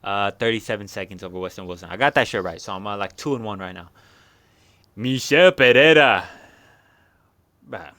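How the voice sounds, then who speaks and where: A man's voice: fairly low pitch, moderate pace, pauses often, pushed and bright, no echo. Young man ranting through a fight recap. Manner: rambling, slangy, heavy swearing. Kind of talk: casual profane fight recap.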